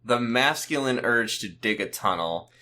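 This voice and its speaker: As a podcast co-host, this man chats casually while recapping a TV episode, rambling along with jokes and quick self-mocking asides. His voice is mid-range, animated and sharp-toned.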